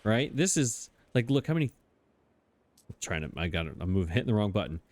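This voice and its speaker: With no room sound at all, a man with a lowish, darkish voice talks briskly and very animatedly while hosting a let's play. He thinks aloud in a chatty, puzzled way, making fun of his own mistakes as casual gameplay commentary.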